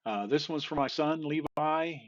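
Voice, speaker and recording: An older man telling dad jokes and groaners in a rambling, halting way, full of fillers and restarts, laughing off the punchlines he flubs. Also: a little high, lo-fi sound. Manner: self-deprecating, laughs off flubbed punchlines. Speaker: joke teller. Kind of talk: casual joke telling.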